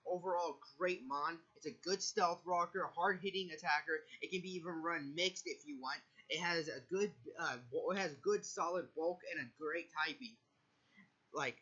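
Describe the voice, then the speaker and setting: A man's voice: high voice, sharp tone, lo-fi sound. A nervous man talking through his picks in a casual monologue, stumbling and correcting himself often. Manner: stumbling, self-correcting delivery. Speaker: video creator. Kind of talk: casual draft analysis monologue.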